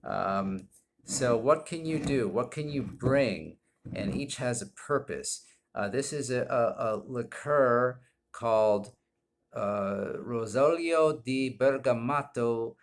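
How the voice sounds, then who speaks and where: Slow, halting, deadpan man. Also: medium pitch. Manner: rambling, halting, deadpan, heavy with fillers. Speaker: whisky reviewer. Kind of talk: comedic monologue review. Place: indoors at home.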